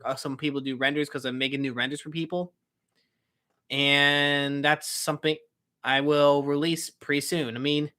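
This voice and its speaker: A young man with a bright, forceful, slightly high voice hosts a casual live-stream Q&A. He answers chat questions in an upbeat, rambling way, full of fillers and self-corrections.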